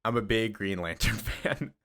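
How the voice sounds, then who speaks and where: A man's voice: on the low side, unhurried, fairly bright tone. Chatty man recapping a comic book. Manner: chatty and amused, loose with filler words. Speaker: comics video creator.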